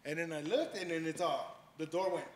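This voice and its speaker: A man telling a story in casual podcast chat, excitable, swearing constantly and acting out dialogue. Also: a little high, brisk, big-room sound, crowd noise.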